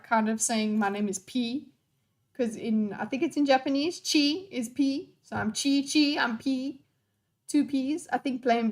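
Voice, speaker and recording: High-voiced, playful woman streamer. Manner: scattered, swears freely, playful. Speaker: live streamer reading chat. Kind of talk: unscripted live-stream chat.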